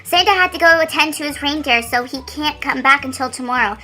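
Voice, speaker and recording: Woman doing a high, quick, syrupy-polite mall elf worker. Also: bright, forceful tone, faint music behind. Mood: sugary. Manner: syrupy customer-service politeness. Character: overly sweet apologetic young woman elf worker.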